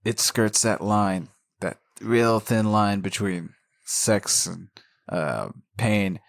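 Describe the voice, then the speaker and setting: A man's voice: fairly low pitch, slow, creaky, no echo, clean studio sound. A man hosting a casual movie podcast, laid-back and giggly, who swears freely as he chats. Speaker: podcast host. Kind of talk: casual chat.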